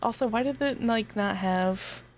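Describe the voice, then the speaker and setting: A woman streaming a game live, chatting casually to her viewers, giggling and swearing as she gets excited. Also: mid-range voice, measured pace, slight background noise.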